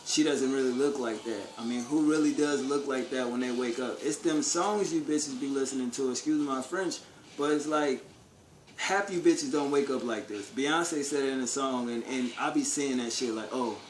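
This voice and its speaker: A man with a medium-pitched voice talks at normal speed in a casual vlog rant, with slight background noise and an echoey, faintly ambient room. His take is blunt and profane, peppered with street slang and rhetorical questions.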